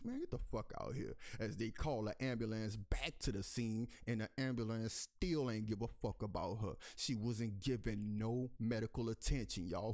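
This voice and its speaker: Guy doing a fired-up commentary, reads the article then goes off cussing at y'all, voice shoots up high when he's mad. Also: darkish tone. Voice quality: pitch jumps high when outraged. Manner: heated, profane, repeatedly addressing listeners as y'all. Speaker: commentary channel host. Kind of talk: angry commentary reading a news article aloud.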